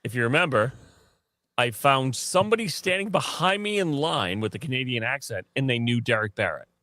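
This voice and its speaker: A man co-hosting a podcast in easy, casual chat, at a middle pitch. He tells stories with animation, laughs often and slips into other people's voices. The sound is dry and close, like a home studio mic. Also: expressive, brisk, bright, forceful tone, no echo. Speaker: podcast co-host.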